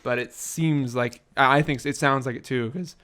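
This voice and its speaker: Smooth-voiced young guy joking around. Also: mid-range voice, steady tone, moderate pace, fairly bright tone. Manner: joking, playful, drifts into silly accents. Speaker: podcast co-host. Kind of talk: casual chat. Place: basement.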